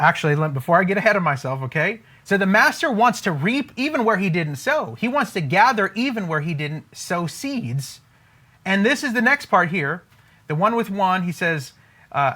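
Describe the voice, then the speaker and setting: A man's voice: high-pitched, bright, forceful tone. A man teaching scripture and money in an emphatic preaching style, repeating himself for emphasis and acting out imagined believers. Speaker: faith-based money teacher.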